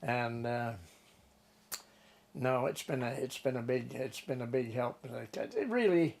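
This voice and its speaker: A man's voice: mid-range voice, measured pace, gravelly, darkish tone, a little hiss or hum. An older man rambling through casual stories as an interview guest, folksy and swearing offhand. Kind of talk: casual storytelling.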